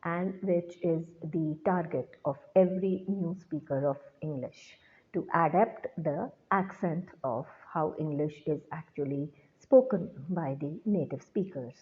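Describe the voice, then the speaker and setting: A woman teacher giving a recorded lecture, explaining slowly and deliberately to students. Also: sits low. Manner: slow, deliberate classroom explanation. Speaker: English teacher. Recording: tinny phone-like sound.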